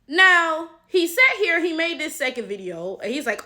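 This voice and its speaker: Female commentary host, high bright voice, sarcastic and emphatic. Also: expressive, a little slow. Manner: emphatic and sarcastic, constant tag questions. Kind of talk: reaction commentary.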